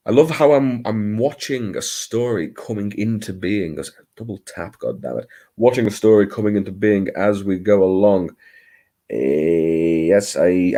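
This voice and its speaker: Talking into his computer mic at home, this late-night livestream host has a lowish, warm voice. His chat is loose and rambling, full of hesitations and jokes at his own expense.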